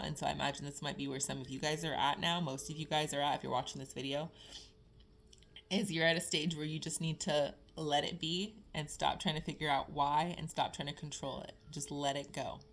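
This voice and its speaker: A woman's voice: sits low, a bit bright. A young woman talking casually to her viewers about spirituality and letting go, chatty and full of fillers, often laughing at herself. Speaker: spiritual vlogger. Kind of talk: casual spiritual talk to camera.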